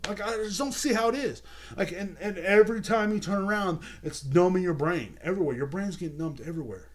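Young guy ranting on his podcast, cussing nonstop, kinda high voice, keeps saying the same thing over. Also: lively intonation, fairly quick. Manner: heated, swearing, repeats himself. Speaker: podcast host. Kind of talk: profane rant. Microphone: video podcast mic.

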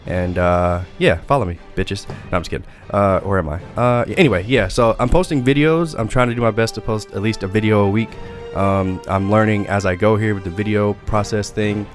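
A man's voice: on the low side, a little fast, few pauses, soft background music. A man hosting a podcast in casual chat, laid-back and rambling, with frequent restarts. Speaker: podcast host.

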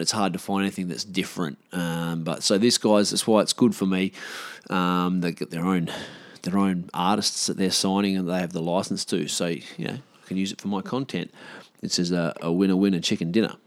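Low-ish guy rambling on in a chill vlog, slangy, dry close sound. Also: steady tone, moderate pace, no echo. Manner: rambling and loose, many fillers and restarts, slangy. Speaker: vlogger. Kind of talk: casual rambling vlog chat.

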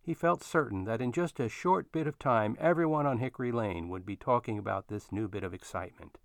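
A man narrating a story in an expressive storytelling manner. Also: medium pitch, a little fast, vocal fry, no room sound.

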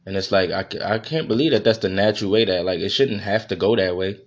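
A man's voice: fairly low pitch, fast talker. A man, hosting a podcast and venting in a heated, profane monologue, repeating himself as he goes. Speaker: podcast host.

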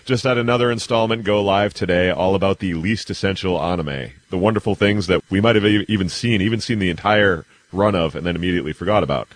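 A man chatting casually as a podcast guest, rambling and quick to laugh. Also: low-pitched, no echo. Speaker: podcast guest, anime columnist. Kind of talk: casual chat.

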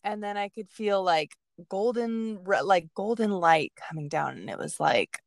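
A woman's voice: medium pitch, expressive, a little slow, creaky, no echo. Enthusiastic woman podcast host, dry sound. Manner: enthusiastic, agreeable. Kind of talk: casual podcast conversation.

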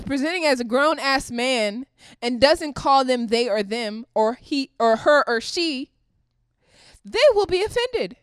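A woman's voice: animated, a little slow, clear, resonant tone, dry recording, clean studio sound. Blunt, profane woman ranting. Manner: swings between loud outbursts and low muttering. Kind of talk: direct-to-camera rant.

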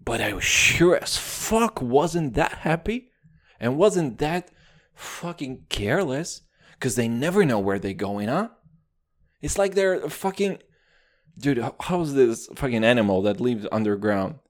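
A male podcast host with Russian as his first language rants in a sweary, comic, animated way, with "dude" in nearly every line. He uses a medium-pitched voice that varies a lot, at a measured pace.

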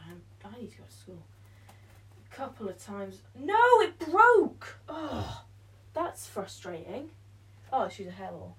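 Her mid-range voice is a little mellow with a breathy edge, fitting a young British woman who has a slight cold and is somewhat winded. She's filming a casual solo vlog indoors at home, building a blanket fort while talking to herself and her pets, often in whispers.

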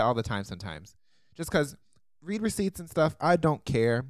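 A man co-hosting a podcast, telling a story with animated energy and laughing often. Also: medium pitch, normal speed, dry recording, clean studio sound. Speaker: podcast co-host. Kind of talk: casual chat.

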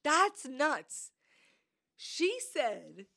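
A woman's voice: on the high side, big pitch swings, normal speed, a bit bright. A woman from New York co-hosting a podcast, teasing her friend and quoting others in a casual chat. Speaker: podcast co-host.

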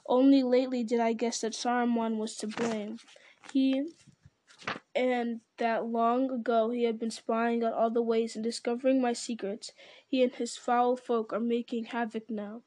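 A woman voicing an ancient, slow and grave male tree-giant in a storybook reading, speaking in a solemn, deliberate way. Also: on the high side, little pitch movement, warm tone, lightly acted.

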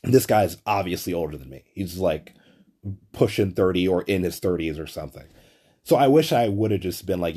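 A man's voice: low-pitched, lively intonation, a little fast, warm tone. A young man, host of a podcast, telling a story in a casual, profane, rambling monologue full of "like". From Flatbush, Brooklyn. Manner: profane, rambling, heavy use of "like".

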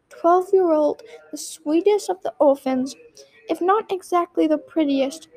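A woman's voice: extremely high pitch, unhurried, dark tone, rough recording. A woman reading a storybook aloud, with small slips and restarts.

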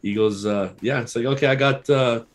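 A man's voice: mid-range voice, moderate pace. A man in a casual chat, rambling enthusiastically and often restarting his sentences. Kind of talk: casual chat about a movie.

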